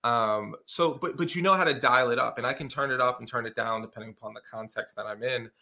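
A middle-aged man talking in a casual conversation, animated and acting out what people said. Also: medium pitch, fast. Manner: animated storyteller, acts out quotes.

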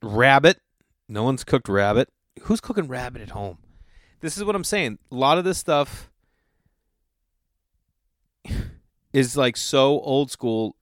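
A man's voice: medium pitch, lively intonation, slow pace, long pauses, no room sound, studio quality. A middle-aged man, chatting casually as a host and reading old recipes aloud with incredulous, swearing commentary. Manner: incredulous, exasperated riffing with swearing.

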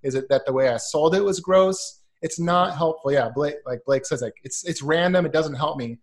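A man in his thirties, his voice on the high side and at normal speed, chats as a podcast guest. He tells stories animatedly, acting out what others said, with lots of ums.

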